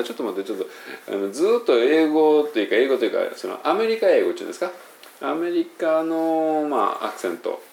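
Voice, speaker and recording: A man's voice: lowish voice, gravelly. Man, Kansai Japanese accent, university English teacher, hesitant and filler-heavy, roomy echoey recording. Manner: hesitant, many fillers and self-corrections. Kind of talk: casual solo monologue. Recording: roomy echo.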